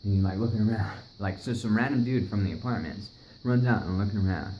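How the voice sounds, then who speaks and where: A man's voice: lowish voice, fast. A young man casually telling a wild story, swearing a lot and acting out what people said. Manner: profane, animated, acts out other people's lines. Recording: echoey room, faint noise.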